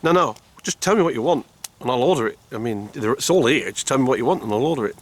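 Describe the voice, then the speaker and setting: A man voicing his cocky soldier friend, brash and brisk as he takes charge of ordering. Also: medium pitch, lively intonation. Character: cocky British soldier bluffing French.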